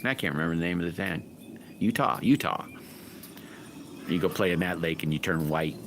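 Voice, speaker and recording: A man's voice: low-pitched, fairly quick, fairly bright tone, slight background noise. A man hosting a livestream, rambling through folksy stories and chatting casually with viewers. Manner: rambling folksy storytelling, laughs often. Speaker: livestream host.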